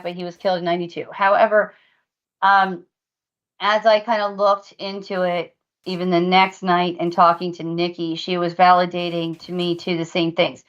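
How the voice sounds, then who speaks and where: A woman's voice: fairly low pitch, highs cut off. A woman co-hosting a paranormal podcast, earnestly recounting at length what spirits showed her. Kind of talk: casual podcast discussion.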